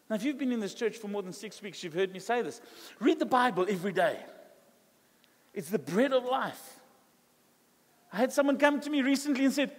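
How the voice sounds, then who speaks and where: A man with a South African English accent preaching a sermon in a conversational, animated way, acting out quoted dialogue. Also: high voice, a little fast. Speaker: pastor. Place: church hall. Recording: live church hall reverb.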